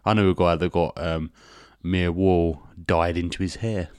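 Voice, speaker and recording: Male podcast co-host, laid-back rambling storyteller, swears, low voice. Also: steady tone, unhurried, a little mellow, clean tone. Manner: rambling, jokey plot recap with swearing. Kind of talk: casual comedic chat.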